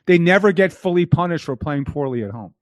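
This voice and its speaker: A man's voice: on the high side, lively intonation, a little fast, no echo, muffled recording. A man talking as a guest on a hockey podcast, rattling on with repeated and restarted phrases. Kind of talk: casual podcast chat.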